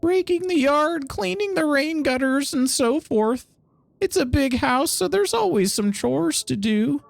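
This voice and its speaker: A woman's voice: high voice, animated, a little slow, gravelly, no echo, voice pushed up, full character voice. Woman doing a grumpy old landlady. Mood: offhand. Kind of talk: reading game dialogue aloud.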